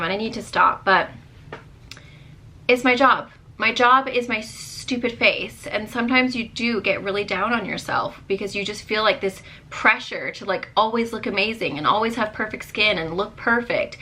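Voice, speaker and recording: Bright-voiced woman venting to camera. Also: medium pitch. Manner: chatty, venting, many fillers and restarts. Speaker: vlogger. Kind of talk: candid casual chat to camera.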